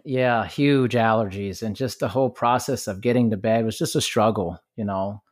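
A man's voice: on the low side, moderate pace. A man hosting a podcast, chatting casually and easily sharing his own family anecdotes. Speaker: podcast host. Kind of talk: casual chat.

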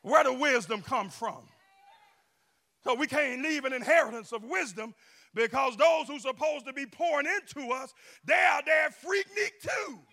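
A male pastor preaching a sermon in a church, shouting and chanting with call-and-response to the congregation. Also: very high-pitched, a little slow, creaky. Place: church sanctuary.

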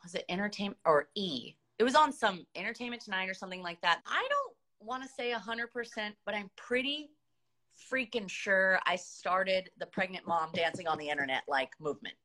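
A woman in her thirties from the United States, telling a story in a chatty, animated way, laughing often as a podcast guest. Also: mid-range voice, brisk. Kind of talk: casual storytelling.

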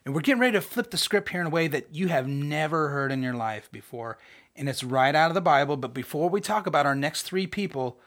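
A man teaching a podcast Bible lesson in a conversational way, often asking rhetorical questions. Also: fairly high pitch.

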